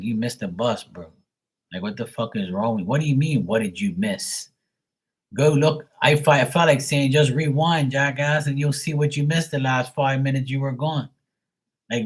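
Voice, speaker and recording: A man's voice: mid-range voice, normal speed, husky. A man hosting a livestream, recounting chat trolls in a profane, mocking, rambling way with frequent laughter. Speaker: livestream host.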